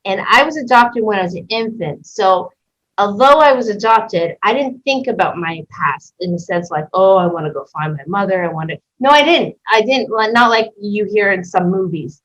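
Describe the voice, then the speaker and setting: A woman hosting a podcast, telling a personal story in an animated way and acting out the voices in it. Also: mid-range voice, moderate pace. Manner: animated, acts out quoted dialogue. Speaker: podcast host. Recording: muffled lo-fi recording.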